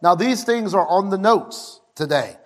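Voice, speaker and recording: A male pastor preaching a sermon in a church, energetically leading his congregation through call-and-response declarations and often shouting. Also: high voice, lively intonation, a little slow. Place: church sanctuary with a live congregation.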